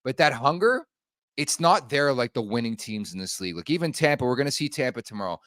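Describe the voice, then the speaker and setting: A man's voice: medium pitch, lively intonation, fast, fairly bright tone, no room sound, studio quality. A man hosting a sports podcast, talking in a blunt, casual way and swearing freely. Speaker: podcast host.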